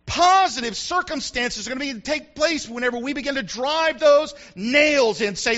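A man preaching a sermon to his congregation, animated and preacherly, acting out the voices he quotes. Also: extremely high pitch, moderate pace, hardly any pauses, lo-fi sound. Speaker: pastor. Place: church sanctuary with congregation.

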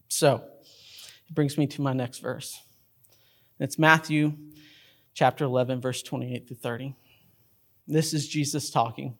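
A man's voice: steady tone, a little slow, long pauses. A middle-aged male pastor, preaching a sermon to his congregation and telling stories, acting out characters along the way. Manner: storytelling, acts out movie characters in a high voice. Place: church sanctuary.

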